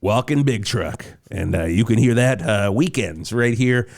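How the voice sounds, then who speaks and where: A man's voice: on the low side, expressive, creaky, a little mellow. A man co-hosting a morning radio show, riffing jokily in playful banter. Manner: jokey, fast riffing, slips into silly voices.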